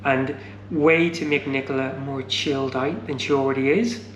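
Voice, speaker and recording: A man vlogging from a van stuck by the roadside, middle-pitched and easygoing. He teases his partner and cracks jokes, chuckling as he goes, with a faint background hiss. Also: fairly even intonation, normal speed. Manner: jokey, teasing, chuckles often. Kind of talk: casual travel vlog chat. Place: stopped van beside a road.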